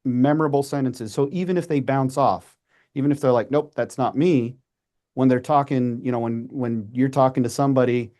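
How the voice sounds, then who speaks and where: Podcast guest, man in his 40s, warm mellow tone, chatty and animated, restarts often. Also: mid-range voice. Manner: animated, with quick restarts and acted-out asides. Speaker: podcast guest, messaging coach. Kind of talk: casual conversational advice.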